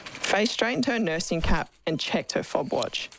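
A woman with an Australian accent, a cricketer, reading a children's story aloud in a lively, expressive way. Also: on the low side, a little slow, creaky, a little hiss or hum. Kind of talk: storybook narration. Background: background music.

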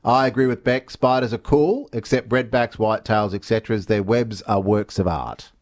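A man's voice: lowish voice, normal speed, no echo. Aussie guy on talkback radio, jokey, dead dry studio mic. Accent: Australian. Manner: jokey, laughs often, reads listener texts. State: has the hiccups. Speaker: radio host. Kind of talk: casual talkback radio chat. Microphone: studio microphone.

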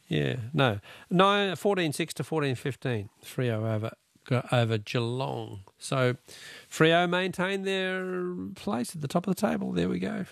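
Aussie radio quiz host, gravelly voice, dry close studio mic, chatty and laughing. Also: male voice, on the high side, a little slow, fairly bright tone, no room sound. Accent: Australian. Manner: chatty, chuckling, joking with callers. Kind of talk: talkback radio chat. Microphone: studio microphone.

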